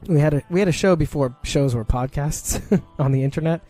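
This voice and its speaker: A man's voice: on the high side, brisk, dark tone, soft background music. A man from Brooklyn, hosting a podcast in a rambling, casual live-stream chat full of fillers and laughs. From Brooklyn, New York. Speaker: podcast host.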